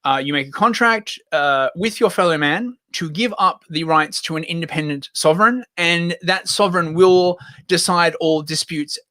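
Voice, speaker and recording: Bright, high-voiced podcast guy. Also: normal speed, hardly any pauses, no echo. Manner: rambling, jokey, does silly voices. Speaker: podcast co-host. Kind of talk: casual podcast chat.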